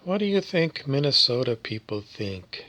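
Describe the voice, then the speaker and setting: A man's voice: mid-range voice, sing-song, normal speed, sharp tone. A man from Canada talking in a meandering, wry vlog monologue, full of fillers and asides. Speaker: vlogger. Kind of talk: rambling monologue.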